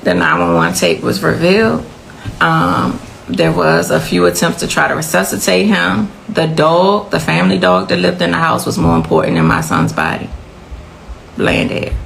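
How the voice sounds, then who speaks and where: A middle-aged woman speaks with a heavily gravelly, creaky voice that swings widely in pitch. She talks intensely, repeating key phrases for emphasis as she recounts her own story. A faint noise floor sits behind her. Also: animated, normal speed, fairly bright tone, low-quality recording. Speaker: mother of a victim. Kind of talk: emotional personal account.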